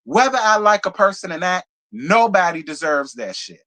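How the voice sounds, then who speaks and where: A channel host delivering a live review as a fiery rant, swearing freely and repeating lines over and over for emphasis. The voice sits mid-range in pitch, and the delivery stays blunt and worked up. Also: very animated, normal speed, a bit bright. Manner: blunt, profane, heated, repeats points for emphasis.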